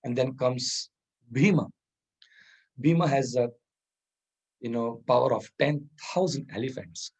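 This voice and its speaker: Husky man teaching soft skills. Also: mid-range voice, unhurried, pauses often, poor audio. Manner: chuckles often, Hindi words mixed into English. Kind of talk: informal lecture with storytelling.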